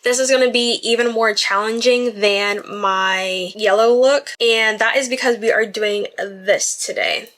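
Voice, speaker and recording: A woman's voice: fairly high pitch, a bit bright. A young woman chatting casually through a makeup tutorial in her bedroom, apologizing often and laughing at herself. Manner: chatty, apologetic, self-deprecating. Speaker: beauty vlogger.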